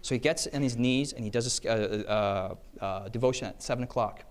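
This is a sermon on managing time, delivered by a man with a mid-range voice at a fairly quick pace. He weaves in stories, acts out the voices within them, and regularly asks listeners "okay?" or "yes?".

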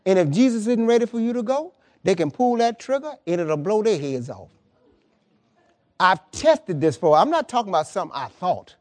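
This man's voice sits high with a darkish tone as he preaches a lively sermon. Speaking as pastor, he is emphatic and colloquial, repeating words and pushing his points to the congregation.

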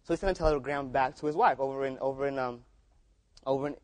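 A man's voice: mid-range voice, fast. A man preaching a sermon through casual, repetitive stories. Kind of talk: storytelling sermon.

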